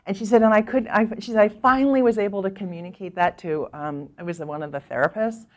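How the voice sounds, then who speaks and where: A woman's voice: medium pitch, fast. A middle-aged woman physician giving a talk, telling patient stories and acting out what people said, with frequent restarts. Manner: animated storyteller, acts out quoted people with laughs; thinks aloud with restarts and fillers. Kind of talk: conference talk with storytelling.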